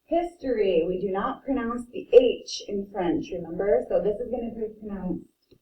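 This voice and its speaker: A woman teaching a French vocabulary lesson, slowly repeating each word and thinking aloud as she writes. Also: medium pitch. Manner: repeats words slowly and carefully, thinking aloud while writing. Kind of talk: slow classroom pronunciation lesson. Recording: dull, roomy sound from a distance.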